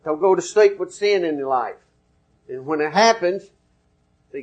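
A man with a relatively high voice preaches at a moderate pace, relaxed and folksy like a conversation. He cites chapter and verse as he goes.

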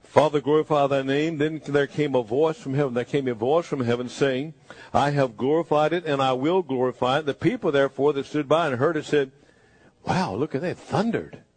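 A man preaching a sermon, speaking in first person as Jesus and moving between hushed, slow lines and emphatic bursts. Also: mid-range voice, fairly even intonation.

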